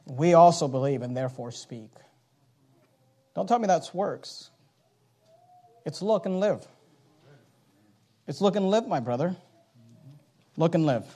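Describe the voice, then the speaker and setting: A man preaching a sermon, reading scripture aloud and swinging from quiet asides to loud, slowed-down emphasis. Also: on the high side, animated. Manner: reads King James scripture aloud, slowing for emphasis.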